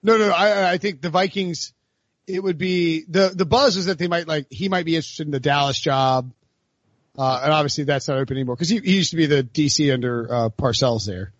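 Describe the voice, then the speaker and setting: A man's voice: on the high side, a little fast, no echo, muffled recording. A man hosting a casual sports talk show, rambling with many fillers and restarts. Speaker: host.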